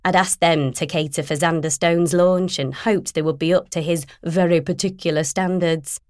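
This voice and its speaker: A woman narrating a first-person novel in a wry, steady storytelling manner. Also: fairly low pitch, normal speed, no echo, studio quality. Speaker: audiobook narrator.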